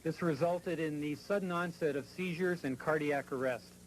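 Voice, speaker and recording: A man's voice: a little high, moderate pace, background noise. A man giving a formal, clinical medical explanation at a briefing.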